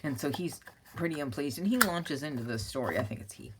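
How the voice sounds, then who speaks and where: A woman's voice: deep voice, expressive, fairly quick, noisy background. A woman hosting a crafting channel, chatting casually and rambling as she works, breaking into laughter at her own stories.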